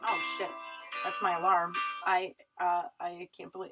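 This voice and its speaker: A woman's voice: mid-range voice, steady tone, fairly quick, pushed and bright, soft background music, low-quality recording. A woman hosting her podcast, telling a personal story in a rambling, emotional way, teary and sniffling, with many restarts and fillers. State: tearful, runny nose. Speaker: podcast host. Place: home recording room.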